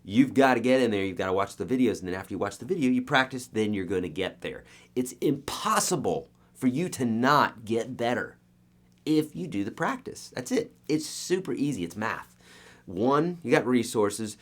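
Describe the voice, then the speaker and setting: Counting beats out loud as he strums, a man coaches a beginner guitar lesson in an emphatic way, repeating "okay" and "right" often. His voice is medium-pitched with lively intonation, and he speaks at a normal speed.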